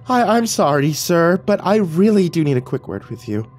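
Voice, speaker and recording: Man voicing a meek female guard in her thirties, high and anxious, storybook reading. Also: sing-song, moderate pace, a little mellow, faint music behind. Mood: nervous. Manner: timid and hesitant.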